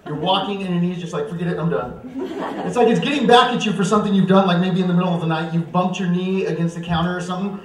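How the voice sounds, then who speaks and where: A young man performing live stand-up comedy, self-mocking and animated. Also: high-pitched, very fast, few pauses. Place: church coffeehouse stage. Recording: roomy hall, mic far off.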